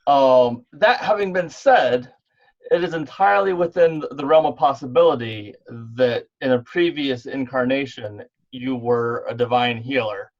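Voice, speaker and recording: Male game master, mid-pitched, rambling and hesitant delivery, dull online-call audio. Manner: rambling, lots of fillers and restarts. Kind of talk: running an online tabletop game.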